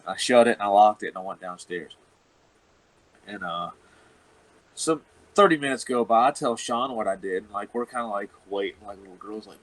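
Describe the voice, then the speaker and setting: A man's voice: on the low side, moderate pace, pauses often, a bit bright, rough recording. Profane, laughing man telling stories. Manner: profane and laughing, rambling anecdotes. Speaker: professional wrestler guest. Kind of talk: casual storytelling.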